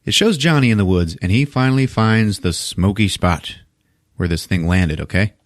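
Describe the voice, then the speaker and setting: A man hosting a podcast, retelling a film plot in a casual, animated and profane way and acting out the characters. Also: fairly low pitch, moderate pace, no echo, studio quality. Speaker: podcast host.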